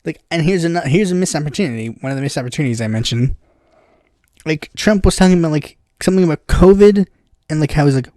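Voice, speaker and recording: A man's voice: on the high side, lively intonation, a little fast, darkish tone, no room sound, clean studio sound. A man hosting a casual political commentary podcast, rambling with lots of fillers and bursts of exasperated impressions.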